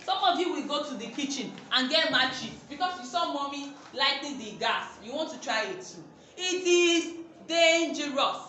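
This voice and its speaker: A woman teacher, giving an online safety lesson to young children, slow and emphatic, repeating her points. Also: sits high, lively intonation, bright, forceful tone. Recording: very echoey room, faint noise.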